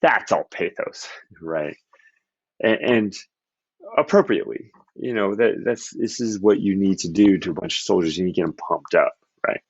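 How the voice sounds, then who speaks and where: Man, teacher, deep gravelly voice, casual lecture with fillers, dry muffled recording. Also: animated, moderate pace, dry recording. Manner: casual, thinking aloud with many fillers and restarts; reads passages aloud, then breaks them down. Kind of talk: classroom lecture analyzing a speech.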